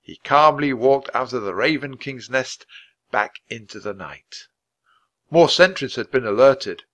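Man storybook reader, bright and clear, measured pace. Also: mid-range voice. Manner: clear, measured, expressive reading. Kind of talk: reading aloud a children's book.

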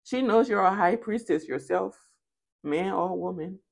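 A woman's voice: mid-range voice, lively intonation, unhurried, vocal fry. A woman giving a spoken tarot reading, casual and chatty, repeating phrases for emphasis. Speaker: tarot reader.

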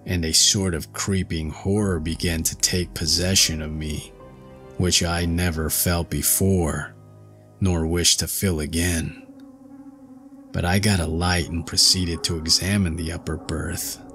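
Deep-voiced male story narrator. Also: steady tone, takes it slowly, a bit bright, faint music behind. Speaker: audiobook narrator.

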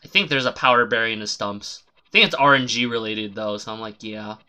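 A man streaming a game live, chatting casually and swearing a lot, rambling and then shouting suddenly at the game. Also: fairly low pitch, a little fast, smooth. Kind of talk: casual live gameplay commentary.

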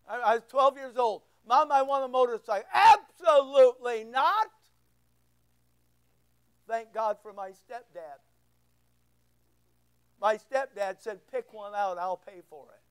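A man's voice: extremely high pitch, clean tone, rough recording. A middle-aged man preaching a sermon in a church, talking conversationally, repeating words and putting questions to the room. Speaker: pastor.

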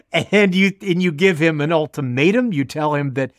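A man's voice: fairly high pitch, normal speed, dry recording, clean studio sound. A man hosting a podcast, summarizing his guest's story back to her before asking a question. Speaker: podcast host. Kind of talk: interview question.

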